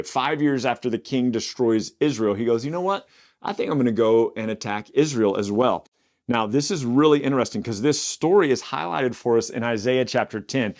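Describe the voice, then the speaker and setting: A man's voice: medium pitch, darkish tone. A man reading Bible passages aloud and stopping to explain them in a casual, conversational way. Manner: reads scripture aloud, breaks off to explain in casual slang. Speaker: Bible teacher.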